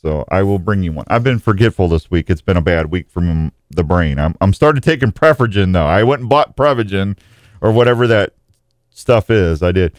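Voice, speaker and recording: Speaking at a normal pace in a low, animated voice, this man hosts a live radio talk show, giving listener shout-outs one by one. He's jokey and meandering, frequently tripping on his words, captured in a clean studio with no room sound.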